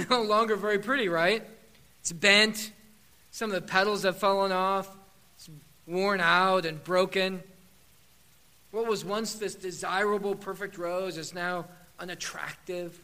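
A male pastor preaching a sermon with passion, moving between loud emphatic declarations and soft hushed passages. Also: high voice.

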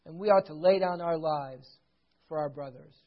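A man preaching a sermon, swinging from loud emphasis down to hushed, intimate passages. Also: on the high side, normal speed, phone-quality sound. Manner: dramatic swings from loud emphasis to near-whisper; acts out dialogue of a retold sitcom scene.

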